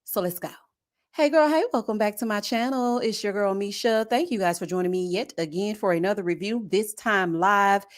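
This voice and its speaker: A woman's voice: medium pitch, normal speed. A young woman hosting a casual live recap of a reality show, talking with sass, slang and plenty of shade. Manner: sassy, animated, throws shade with slang asides. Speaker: host of a reality-show review channel.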